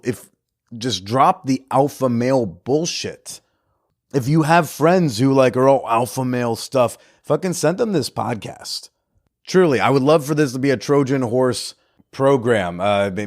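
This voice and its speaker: A man's voice: medium pitch, no echo, studio quality. A man hosting a podcast in a casual monologue, chatty and rambling, with jokey asides. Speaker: podcast host and comedian.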